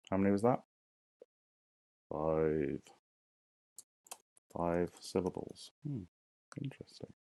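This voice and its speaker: A low, gravelly male voice, recorded dry and close with no room sound. He is a primary teacher giving a recorded lesson. He talks slowly to young children, asks questions and counts syllables aloud. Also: warm tone, no echo.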